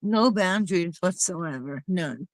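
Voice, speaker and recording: A woman's voice: lowish voice, expressive, unhurried, dry recording, low-quality recording. A woman hosting a casual chat with friends, talking in an indignant, emphatic way.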